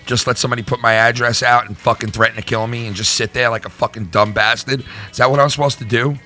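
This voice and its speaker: A man's voice: medium pitch, steady tone, fast, sharp tone, soft background music. A middle-aged man hosting his own channel, ranting in a heated, profane way and repeating himself. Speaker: YouTube channel host. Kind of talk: vlog rant to viewers.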